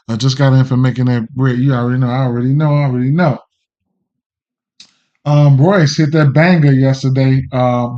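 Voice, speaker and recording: A relaxed man hosts a betting livestream and talks in a loose, slangy ramble, greeting viewers by name as he goes. His voice sits at an ordinary pitch. The stream audio is a little dull and lo-fi. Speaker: sports betting podcast host. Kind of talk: casual livestream chat.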